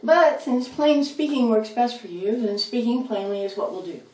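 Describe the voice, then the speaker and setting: A woman voicing a patient, friendly male red rat who explains things gently, in a roomy, distant recording with faint noise. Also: fairly high pitch, lively intonation, moderate pace, close to an everyday voice.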